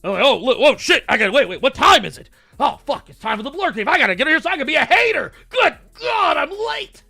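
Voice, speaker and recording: A shrill, panicked hater rushes in, squeaking high and loud as a man puts him on. The voice leaps up and down, bright and tense. He is whiny, breathless and out of control. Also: big pitch swings, vocal fry, soft background music, heavily acted. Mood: frantic. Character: frantic, whiny male online hater rushing to a show.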